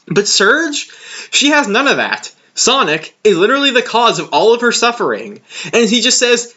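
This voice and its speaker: A young man giving casual, exasperated commentary on a comic series, sarcastic and quick to laugh. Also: very high-pitched, very animated, pushed and bright. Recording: dull lo-fi recording.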